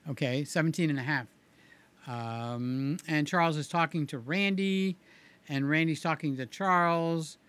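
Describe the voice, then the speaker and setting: A man's voice: on the high side, measured pace, fairly bright tone, smooth. A man hosting a casual livestream, rambling as he reads out viewer comments, with a slight slur to his words. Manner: rambling, chatty, repeats himself. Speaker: livestream host.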